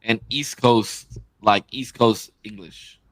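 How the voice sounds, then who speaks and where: A young man co-hosting a podcast, talking in an animated, excitable way and laughing easily. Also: lowish voice, slow, no echo. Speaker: podcast co-host. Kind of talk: casual chat.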